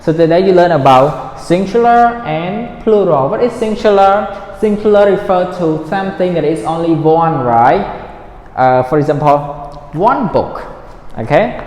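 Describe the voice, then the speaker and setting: Slow, patient male teacher. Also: high voice, lively intonation, darkish tone. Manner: slow, patient, drills words and repeats them; ends points with a checking "right?". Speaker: English teacher. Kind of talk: recorded grammar lesson for children. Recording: roomy echo, long reverb, faint noise.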